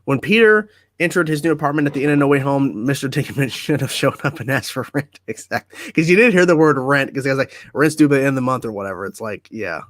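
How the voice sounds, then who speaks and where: Man hosting a livestream, laid-back and chatty, dry close sound, pitch right in the middle. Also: fast, no room sound. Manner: relaxed, chatty, reads viewer comments aloud and answers them. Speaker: livestream host. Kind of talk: casual livestream chat answering viewer comments. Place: at home.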